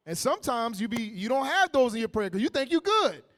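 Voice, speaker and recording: A man teaching the Bible in a casual, joking, animated way, often acting out voices. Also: very high-pitched, fairly quick, hardly any pauses. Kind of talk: street-style Bible teaching.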